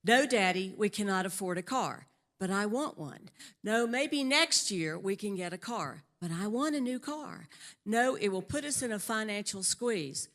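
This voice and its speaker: A woman's voice: mid-range voice, lively intonation, moderate pace, a bit bright. A woman voicing a cheerful older mother, drawling fondly. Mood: pleading. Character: cheerful older Southern mother, warm and laughing.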